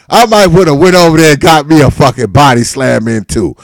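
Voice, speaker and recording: A man's voice: on the high side, normal speed, creaky, no room sound. A man hosting a live talk show, telling a story in a casual, profane way and swearing freely. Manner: animated, swearing freely, rising in outrage. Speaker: host of a live talk stream.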